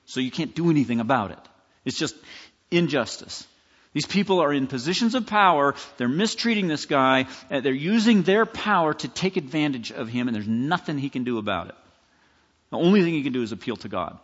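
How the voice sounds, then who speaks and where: A pastor preaches in a conversational yet emphatic style, often acting out the scripture he quotes. His medium-pitched voice has lively intonation and a fairly quick pace, captured on a dull lo-fi recording with long hall reverb.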